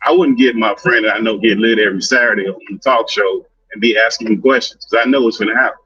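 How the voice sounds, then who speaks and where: Husky man on a dull lo-fi line. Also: on the low side, pushed and bright, dry recording. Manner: emphatic, complaining, drawn-out "man". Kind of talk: casual podcast chat.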